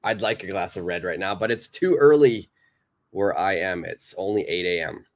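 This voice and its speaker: A man's voice: low-pitched, normal speed. A man teaching a live online English lesson, patiently reading out viewers' answers, praising them and explaining simple phrases.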